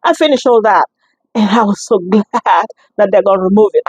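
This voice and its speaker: A woman giving a personal testimony, telling her story in an animated, expressive way, with many restarts and acted-out exchanges. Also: mid-range voice, moderate pace, slightly rough, no echo, low-quality recording. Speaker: guest sharing a testimony.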